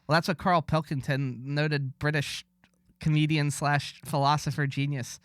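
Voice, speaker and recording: A man's voice: on the high side, level tone, normal speed, fairly bright tone, clean tone, no echo, studio quality. A man co-hosting a podcast, rambling through casual banter in a sarcastic, mock-boastful way. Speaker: podcast co-host.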